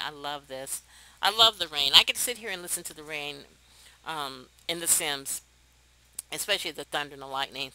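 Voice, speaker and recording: A young woman hosting a let's play, chatting to viewers in a chatty, excitable way and laughing often. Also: sits low, vocal fry, slight background noise, low-quality recording. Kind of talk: casual gameplay commentary.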